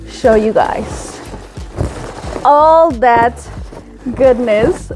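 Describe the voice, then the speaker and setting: A young woman hosting a lash-extension vlog, gushing and giggling with excitement as she unboxes products. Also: fairly high pitch, a little slow, soft background music. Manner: bubbly, gushing, giggly, exclamatory.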